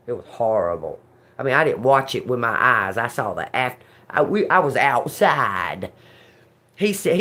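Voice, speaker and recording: A woman hosting a tarot livestream, telling a story in a casual, animated way, swearing freely and laughing often. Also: rumbling low. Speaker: tarot reader livestream host.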